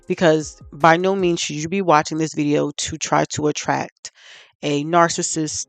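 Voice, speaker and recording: Gravelly-voiced woman giving blunt relationship advice. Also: low voice. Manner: fires rhetorical questions at the listener, preachy and candid. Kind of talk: direct-to-camera advice talk.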